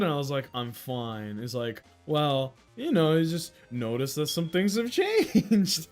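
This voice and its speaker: A man's voice: a little high, very animated, a little slow, hardly any pauses, faint music behind. A man in his thirties hosting a casual livestream, rambling and mocking himself with frequent laughs. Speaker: livestream host.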